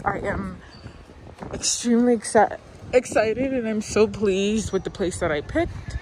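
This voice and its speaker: A woman talking in a casual travel vlog, effusive and emphatic, repeating how excited and grateful she feels. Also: mid-range voice, a little slow, reverberant, noisy background. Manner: gushing, effusive, emphatic repetition. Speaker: travel vlogger. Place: hotel resort room. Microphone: phone held while walking.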